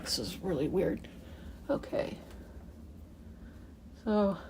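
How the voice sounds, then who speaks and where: Chatty middle-aged woman quilter, low voice. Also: expressive, slow, noisy background. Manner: rambling, chatty, talks while working. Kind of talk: casual chat while sewing.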